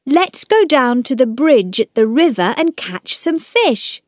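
Woman doing a bossy young boy, raised pitch, urgent, commanding, storybook. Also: big pitch swings, a little slow, no echo, clean studio sound. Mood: eager.

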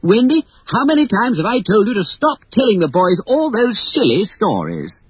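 A narrator voicing a blustering, exasperated Victorian father who shouts at his children. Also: mid-range voice, huge pitch swings, moderate pace, husky, no echo, pitched above the performer's own voice. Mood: angry shouting.

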